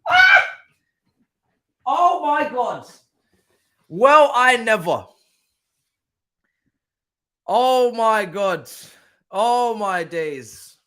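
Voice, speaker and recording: A man hosting a live football watchalong stream, chatting through the match as a fan and bursting into shouts at big moments. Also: sits high. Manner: excitable, erupts into shouts and laughs at goals. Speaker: watchalong host.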